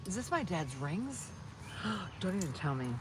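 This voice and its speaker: A woman hosting a casual livestream on her phone while crafting, rambling and excitable, often breaking off mid-sentence. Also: on the low side, unhurried, poor audio. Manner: rambling, excitable, self-interrupting. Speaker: channel host.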